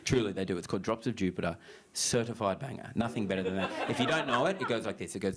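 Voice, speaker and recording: A young Australian man performs stand-up comedy in a live club, telling his story with quick "right?" asides. His storytelling is lively, and he keeps breaking into loud, high-pitched impressions. The live recording carries clear background noise. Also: crowd noise. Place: comedy club stage with audience laughing.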